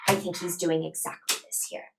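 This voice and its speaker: A woman guest, a New Testament scholar, explaining scripture in an emphatic, expressive way and acting out quoted speech. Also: fairly low pitch, a little fast, vocal fry, a little hiss or hum, rough recording.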